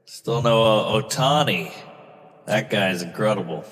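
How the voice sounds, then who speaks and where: A man's voice: fairly low pitch, expressive, measured pace, a bit bright, long reverb tail. A man on a podcast, chatting casually and firing off wisecracks and jokey asides.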